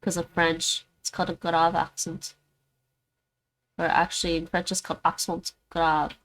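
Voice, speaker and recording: A woman's voice: on the low side, flat delivery, moderate pace, fairly bright tone, low-quality recording. Woman thinking aloud while practicing words. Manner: thinks aloud, repeats words after the app. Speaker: streamer learning languages. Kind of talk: casual live-stream language practice.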